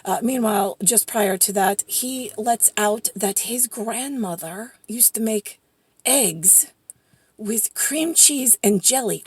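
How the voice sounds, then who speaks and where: A woman vlogger talking in a rambling monologue, laughing at her own remarks and sometimes dropping to a quiet murmur. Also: mid-range voice, takes it slowly, breathy edge.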